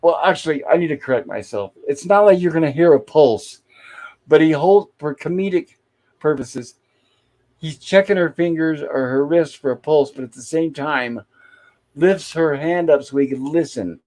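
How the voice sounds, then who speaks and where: A man's voice: fairly high pitch, normal speed, darkish tone. A man hosting a show, casually retelling an old TV episode scene by scene. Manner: acts out quoted lines while recapping, chatty. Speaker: host.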